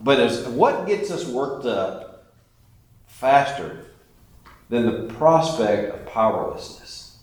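A man's voice: mid-range voice, very animated, takes it slowly, long pauses. Preaching man in an echoey hall. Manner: emphatic preaching, rising and falling in loudness. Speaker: pastor. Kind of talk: sermon.

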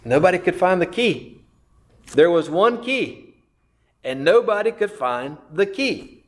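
A man preaching a sermon, slow and emphatic, repeating phrases and asking questions of his listeners. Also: high voice, sing-song. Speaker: pastor.

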